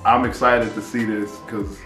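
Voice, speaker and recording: An American man hosting a reaction video, chatting casually and telling stories in an excited, laid-back way. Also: lowish voice, normal speed, echoey room, faint music behind. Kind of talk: casual chat.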